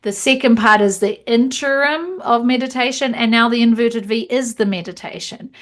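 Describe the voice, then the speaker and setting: A woman teaching meditation trainees over a video call, demonstrating guiding cues in a slow, calm voice. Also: on the high side.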